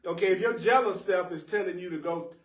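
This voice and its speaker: A man teaching a live spiritual class to listeners in the room, animated and playful, laughing at his own jokes and repeating phrases for emphasis. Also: sits high, brisk. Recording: roomy echo, voice picked up from a distance.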